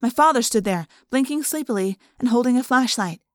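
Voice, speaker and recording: A woman's voice: on the high side, lively intonation, a little fast, no room sound, studio quality. A woman narrating an audiobook in a plain, conversational first-person storytelling way.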